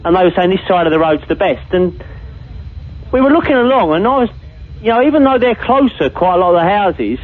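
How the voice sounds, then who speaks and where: A man's voice: sits high, sing-song, fairly quick. A man from Hertfordshire calling a radio show, earnest and hesitant as he muses on his neighbours. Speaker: caller. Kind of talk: phone-in chat. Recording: tinny phone line.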